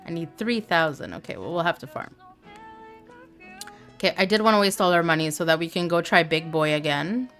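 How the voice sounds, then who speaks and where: A woman's voice: on the low side, fairly bright tone. A woman streaming a video game live, chatting casually with her viewers and reading their messages aloud. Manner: chatty, reads chat aloud, playful asides. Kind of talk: casual live gameplay chat.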